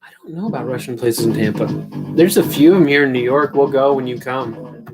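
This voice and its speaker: A young man hosts a casual live stream, rambling to his viewers with plenty of swearing and self-deprecating asides. His voice sits at an ordinary middle pitch. Music plays clearly behind him. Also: fairly quick, rough recording. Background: music playing.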